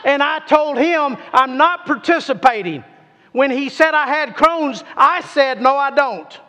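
A man preaching a sermon, reading scripture with emphatic, drawn-out stresses and calling on his congregation to repeat after him. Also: extremely high pitch, sharp tone. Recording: long reverb of a large hall.

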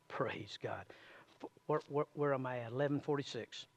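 A man preaching a sermon to a congregation, calling for amens and reading scripture aloud slowly. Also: sits high, pushed and bright, big-room sound. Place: church sanctuary.

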